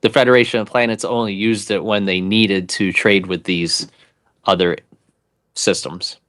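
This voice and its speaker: A man's voice: on the low side, steady tone, normal speed, a bit bright. A man co-hosting an investing show, chatting casually and rambling through his theories. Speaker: co-host. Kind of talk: casual chat.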